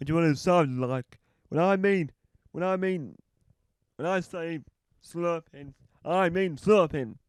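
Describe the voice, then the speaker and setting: A woman's voice: low-pitched, a little mellow, no echo, clean studio sound. A performer voicing a bossy female builder who barks instructions at new recruits in a comedy sketch. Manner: barking drill-sergeant instructions.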